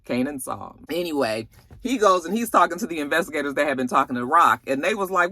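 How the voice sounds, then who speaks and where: A man's voice: on the high side, animated, fast talker, bright, forceful tone, dry recording. A man giving a casual, chatty recap of a TV episode, colloquial and full of fillers. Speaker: TV episode reviewer.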